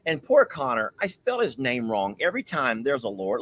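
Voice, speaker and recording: A man's voice: mid-range voice, wildly swooping pitch, fairly quick, a bit bright, no room sound. A man hosting a casual livestream outdoors on a farm, chatty and teasing. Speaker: livestream host.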